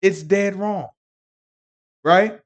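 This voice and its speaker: Man, Bible teacher, high-pitched, animated, rambling, emphatic, laughs often. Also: very slow, highs cut off. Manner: emphatic, preachy asides. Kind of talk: Sabbath lesson teaching.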